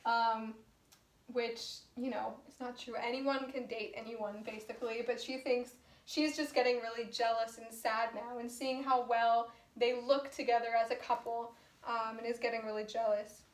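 Woman teacher, high voice, patient, chatty, reading to kids, echoey room. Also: flat delivery, normal speed. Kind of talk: reading a storybook aloud to children with explanations.

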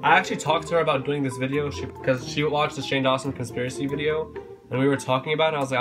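A man's voice: medium pitch, fairly even intonation, fast talker. Chatty young man over background music. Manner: chatty, giggly, rambling. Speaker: YouTuber host. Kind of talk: casual vlog chat.

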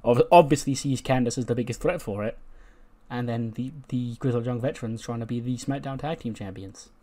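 This is a man talking casually through a wrestling management game run. His voice sits in an ordinary middle pitch, and he chats along, now and then slipping into quick voices for the wrestlers. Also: mellow. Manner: chatty, acts out characters' lines in quick voices and laughs. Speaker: gaming YouTuber. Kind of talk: casual commentary over a wrestling sim playthrough.

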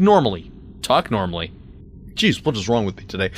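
Animated man rambling over gameplay. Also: medium pitch, moderate pace, slight background noise. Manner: rambling, self-mocking, lots of sudden yelps. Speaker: let's play host. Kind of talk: casual gameplay commentary.

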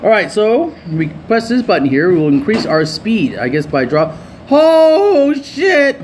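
High, lively young man gaming. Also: moderate pace, a little hiss or hum. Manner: joking, playfully reads game lines aloud. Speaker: gaming channel host. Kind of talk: casual gameplay commentary.

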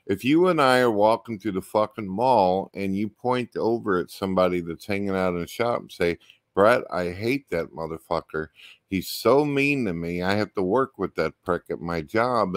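A man with a low voice speaks bluntly and swears often, lecturing his friend in casual chat. The sound is dry and close, with no room around it. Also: normal speed, dry recording. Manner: blunt and profane, lectures the host. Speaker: guest. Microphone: webcam mic on a live stream.

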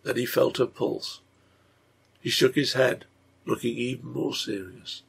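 A man reading a serialized story aloud in a measured way. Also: mid-range voice, fairly even intonation, gravelly, breathy edge. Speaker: reader and translator.

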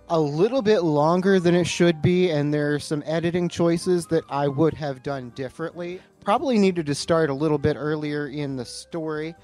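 A man with a fairly high voice co-hosting a casual movie podcast, rambling loosely through pop-culture tangents. Quiet background music sits faintly under his voice. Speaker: podcast co-host. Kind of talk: casual movie-review chat over beer.

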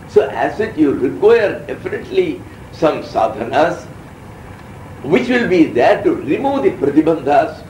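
A man's voice: fairly high pitch, a little mellow, slight background noise. A man in his seventies with an Indian accent, giving a meandering, anecdotal scriptural discourse as a spiritual teacher. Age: 70s. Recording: roomy sound from a distant mic.

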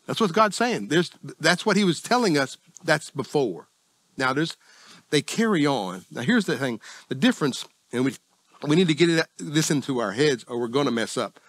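A middle-aged man with a Southern US accent preaching a sermon in a folksy, self-deprecating, conversational way with sudden jumps in pitch. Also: a bit bright, no echo. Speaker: pastor.

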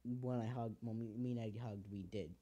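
A man's voice: on the low side, steady tone, a little fast, mellow, breathy edge, lo-fi sound. A teenage man hosting a podcast, talking in casual, heartfelt rambles full of fillers and swearing. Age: teens. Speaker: podcast host. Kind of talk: casual chat.

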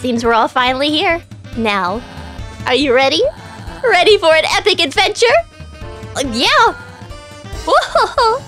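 A woman's voice: sits high, animated, a little slow, long pauses, fairly bright tone. A woman streaming a video game, chatting and reading in-game dialogue aloud in a bubbly, playful way. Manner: bubbly, reads in-game characters in playful voices. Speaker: VTuber streamer. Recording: faint game music behind.

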